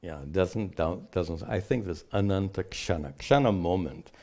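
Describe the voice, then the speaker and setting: A man, a spiritual teacher, answering questions in a measured, explanatory way. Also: sits low, lively intonation, darkish tone. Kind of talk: unscripted teaching talk.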